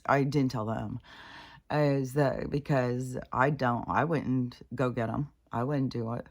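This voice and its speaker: A woman's voice: deep voice, normal speed. A middle-aged woman talking casually in a scattered, rambling way, swearing freely as she vlogs about spirituality. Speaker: spiritual vlogger.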